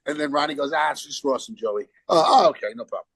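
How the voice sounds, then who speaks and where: A man with a somewhat high, creaky, slightly rough voice talks at a quick clip as a podcast guest musician. He tells a wandering, restart-prone casual story, animatedly performing the quoted voices, on a dry and rough recording.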